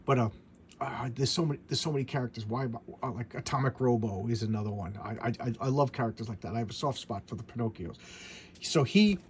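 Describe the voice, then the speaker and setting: A middle-aged comic book collector vlogs in casual chat, rambling along and frequently stammering and repeating words. His medium-pitched voice moves at a quick pace, with a little hiss or hum in the background.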